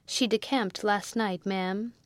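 A woman's voice: mid-range voice, fairly even intonation, takes it slowly, dry recording, clean studio sound, lightly acted. A woman voicing a scheming, gossipy middle-aged sister-in-law who speaks in a breathless, falsely solicitous way.

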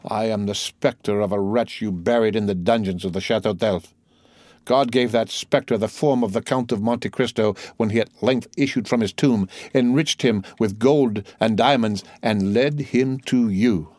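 A cold, vengeful count speaks slowly and gravely, as a man reads him aloud. His voice sits low. The sound is dry and close-miked. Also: a little mellow, no echo, natural voice. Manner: slow, grave, measured.

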